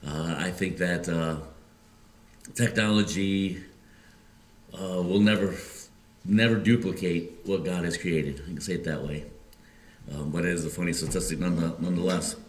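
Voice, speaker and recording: A Midwestern American man preaching a sermon as pastor, halting often with fillers and restarts. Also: low voice. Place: church sanctuary. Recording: echoey church room.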